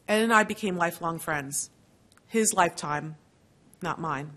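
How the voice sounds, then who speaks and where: Middle-aged woman, law dean, lower voice, earnest and wry lecture introduction. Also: moderate pace, pauses often, pushed and bright. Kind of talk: formal lecture introduction with personal anecdotes. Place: lecture hall.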